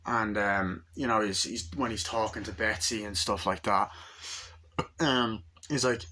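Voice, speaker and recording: A man's voice: lowish voice, fairly even intonation, normal speed, sharp tone. A young man giving a casual movie review, rambling and acting out lines from the film in raised voices.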